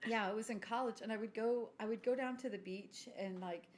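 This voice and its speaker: A woman, telling a story in casual podcast chat, self-mocking and clearing her throat now and then. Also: a little high, fairly quick, slight background noise. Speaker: podcast co-host.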